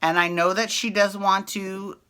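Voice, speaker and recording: A woman's voice: mid-range voice, fairly even intonation, a little slow, bright, forceful tone, smooth. A woman hosting a casual recap show, chatting about a reality series, laughing often and swearing freely. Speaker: podcast host recapping reality TV. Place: Las Vegas.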